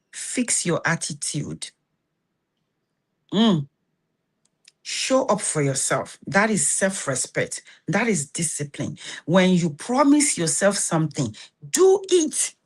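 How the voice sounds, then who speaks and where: A middle-aged Nigerian-accented woman hosts a motivational self-help talk in a lowish, sing-song voice with a breathy edge, speaking slowly. Her advice is blunt and scolding, and she keeps asking rhetorically whether you understand.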